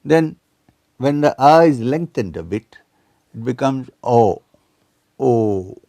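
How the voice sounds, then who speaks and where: A man's voice: mid-range voice, expressive, unhurried, creaky, dark tone, dry recording. Older male lecturer, seventies, quotes verses, questions listeners, dead-dry sound. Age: 70s. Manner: quotes scripture and Sanskrit, asks the audience questions. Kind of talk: spiritual lecture.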